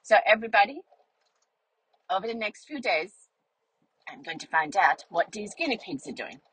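A woman voicing a cheerful, chatty young female schnauzer dog, telling a story with a childlike, rambling, playful manner and a breathy voice. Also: medium pitch, big pitch swings, normal speed, a bit bright, dry recording, heavily acted, low-quality recording. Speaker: vlog narrator in character. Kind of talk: storytelling in character.

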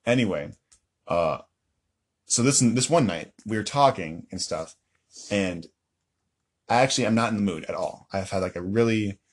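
A man's voice: lowish voice, normal speed, pauses often. A young man co-hosting a podcast, telling a rambling story in casual chat, often laughing and correcting himself. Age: young adult. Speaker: podcast co-host.

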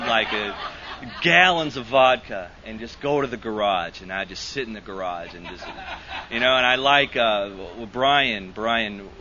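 A man's voice: mid-range voice, lo-fi sound, background noise. A man speaking to a recovery group, telling a rambling personal story with lots of restarts and laughs. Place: meeting hall.

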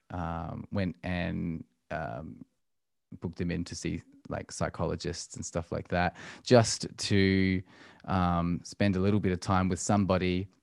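As a guest in a casual podcast interview, a musician and homeschooling parent talks about family life, reflective and hesitant with lots of ums. His voice is low, slow and smooth with vocal fry, in studio-quality audio with no room sound.

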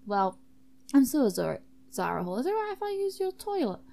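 A tipsy woman voicing a cocky male knight in a lowered, deadpan mumble. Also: a little fast, gravelly, full character voice. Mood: flustered.

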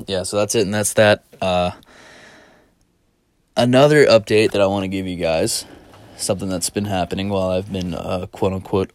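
A man's voice: low-pitched, no echo. A young man hosting a podcast who tells a rambling, profane story in a laid-back, casual way. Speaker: podcast host.

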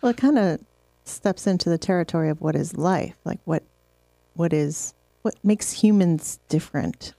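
A woman's voice: fairly low pitch, moderate pace, creaky, warm tone, no echo. A woman co-hosting a casual chat, asking curious questions. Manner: inquisitive. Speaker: podcast co-host.

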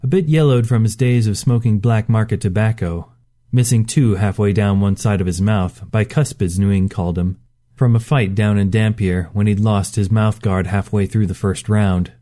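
Mellow-voiced male story narrator. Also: on the low side, fairly even intonation, moderate pace. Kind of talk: scripted narration.

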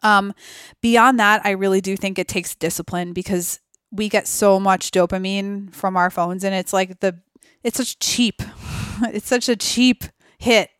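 Smooth-voiced woman chatting on a podcast. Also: medium pitch, steady tone, measured pace, no room sound, clean studio sound. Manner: chatty, thinks aloud with many fillers. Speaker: podcast guest. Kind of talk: casual conversational interview.

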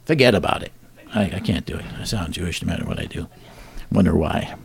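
A man's voice: low-pitched, steady tone, fast talker, gravelly, a little mellow. A man hosting a comedy talk show, reading joke headlines and bantering in a dry, wry way. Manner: dry, wry delivery with chuckles.

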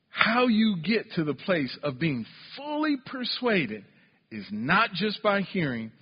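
A man preaches in a church with a high, husky voice, pressing his points with emphatic rhetorical questions. The recording is dull and muffled, and his voice trails off into a long reverb from the hall. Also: sing-song, slow. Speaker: pastor. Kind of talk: sermon.

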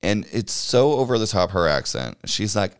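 A man's voice: fairly low pitch, big pitch swings, moderate pace, clean tone, no echo, clean studio sound. A man chatting casually, recapping a movie at a meandering pace, swearing and chuckling as he goes. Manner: rambling and swears freely, chuckling while recapping.

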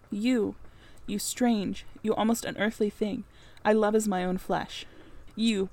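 A woman voicing an earnest, passionate Victorian gentleman pleading his love in an audiobook reading. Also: mid-range voice, close to an everyday voice, low-quality recording.

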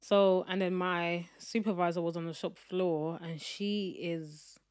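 A young woman, co-hosting a relaxed podcast. Her voice sits a little lower than most women's. She tells long, chatty anecdotes in an easy, conversational flow. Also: unhurried. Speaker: podcast co-host. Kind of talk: casual chat.

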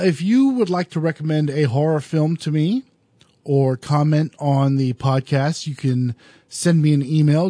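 A man's voice: a little high, dark tone, dry recording, studio quality. A man hosting a solo podcast, giving an earnest, digressive film review in a casual way.

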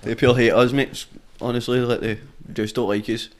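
A man's voice: mid-range voice, little pitch movement, normal speed. A Glaswegian man, a rapper guest on a podcast, chatting in a laid-back way full of swearing and local slang. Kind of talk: casual chat.

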